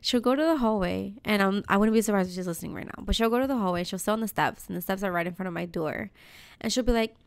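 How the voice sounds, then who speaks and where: A woman co-hosting a podcast, telling stories in a casual, animated way with frequent swearing and laughter. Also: medium pitch, quick pace, vocal fry, smooth, no echo. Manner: animated storytelling, swears freely, laughs often. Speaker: podcast co-host. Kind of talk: casual chat.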